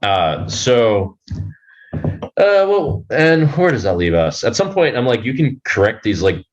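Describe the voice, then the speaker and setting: A man telling a personal story as a podcast guest, halting and rambling, swearing freely. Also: mid-range voice, very animated, muffled recording. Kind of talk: casual storytelling.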